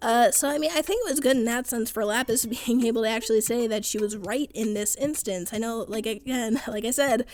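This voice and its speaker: A young woman casually recapping and giving her opinion on a cartoon episode, chatty and quick to laugh. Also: on the high side, a little mellow, dry recording. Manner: chatty, laughs often, quotes characters loosely. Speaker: cartoon reviewer.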